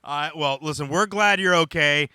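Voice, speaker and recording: A man with an American accent hosting a comedy podcast, teasing a caller in fast, casual banter. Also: a little high, bright, forceful tone, clean tone, no room sound, studio quality. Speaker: podcast host. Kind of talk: casual chat.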